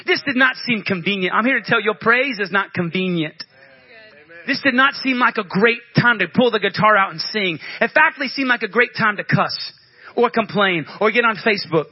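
Male pastor, very high voice, fervent sermon delivery with call-outs, dry lo-fi recording. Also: animated, moderate pace, husky, dry recording. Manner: fervent preaching with call-outs, acts out prayers.

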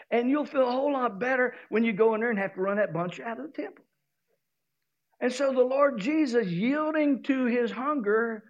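A man's voice: very high-pitched, lo-fi sound. A male pastor with a Southern US accent, preaching a sermon and acting out the voices in his story.

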